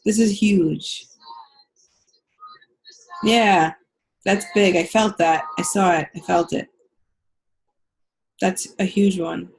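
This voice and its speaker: A woman's voice: medium pitch, fairly even intonation, slow, creaky, pauses often, rough recording. A woman leading a spiritual healing group. She reads out members' comments, affirms them with repeated phrases, then guides a meditation.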